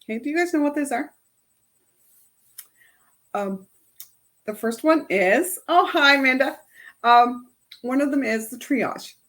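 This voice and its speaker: A woman's voice: high-pitched, measured pace, long pauses, fairly bright tone. Chatty, upbeat woman coaching a group. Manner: chatty, tags lines with "right?". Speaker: life coach leading a self-help workshop. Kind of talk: casual workshop talk to a group.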